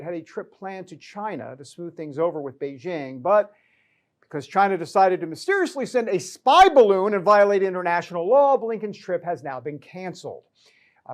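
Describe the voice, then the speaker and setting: A man hosting a talk show, giving comedic news commentary in a sarcastic, joking way. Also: high-pitched.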